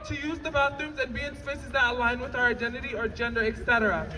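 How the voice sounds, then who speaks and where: A woman in her twenties from Utah giving an emotional rally speech, at times tearful and shouting to the crowd. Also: a little high, fairly even intonation, fast. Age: 20s. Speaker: rally speaker. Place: outdoor rally in a city. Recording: distant outdoor rally recording with crowd and echo. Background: crowd noise.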